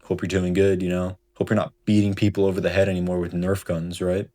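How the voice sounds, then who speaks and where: A young man with a very low voice tells a childhood story straight to camera. He rambles in a loose, casual way and keeps dropping "like" and "right?" into his sentences. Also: level tone, quick pace, mellow. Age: young adult. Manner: rambling, heavy on fillers like "like" and "right?". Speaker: storytime vlogger.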